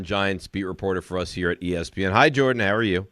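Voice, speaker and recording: A man's voice: low voice, fast, few pauses, fairly bright tone, dry recording. A man hosting a sports radio show, teasing his guest in a needling, playful way. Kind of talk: casual radio chat.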